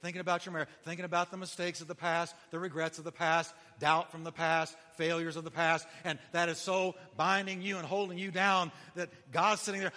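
A male pastor preaching a sermon, emphatic, his voice climbing to shouts at the high points. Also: level tone, a little fast, hardly any pauses. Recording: long hall reverb.

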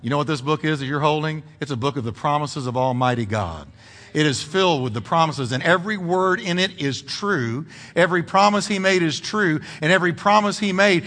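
High bright-voiced preaching pastor. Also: male voice, brisk, big-room sound. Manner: emphatic preaching with repetition and humor. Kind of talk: sermon. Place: church sanctuary.

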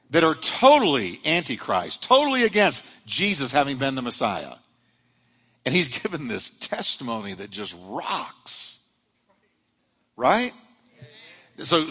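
Male pastor, fairly high voice, lively sermon delivery, long church-hall reverb. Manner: animated preaching, rising and dropping dramatically.

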